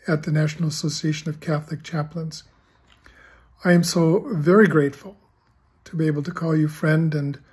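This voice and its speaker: A longtime colleague records a measured, heartfelt and formal tribute message. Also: medium pitch, darkish tone, husky.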